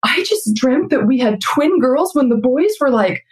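A woman's voice: high voice, measured pace. A woman in her thirties, a guest in an interview, telling a family story with frequent laughter. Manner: lively retelling with frequent laughter. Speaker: interview guest, mother of six.

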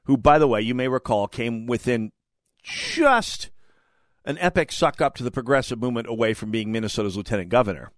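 A talk radio host with a medium-pitched voice speaks quickly into a studio mic with hardly any pauses and no echo. His commentary is opinionated, delivered emphatically and sarcastically, with indignant outbursts.

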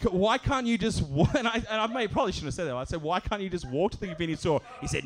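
A man telling a comic story at a live show, animated and often laughing as he acts out other voices. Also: fairly high pitch, fast talker, few pauses.

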